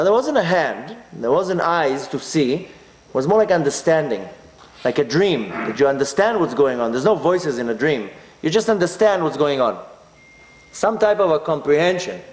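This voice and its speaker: Telling a personal story in a talk, a man from Israel animatedly voices his own inner thoughts. He speaks at a normal speed in a high-sitting voice, with reverberant sound.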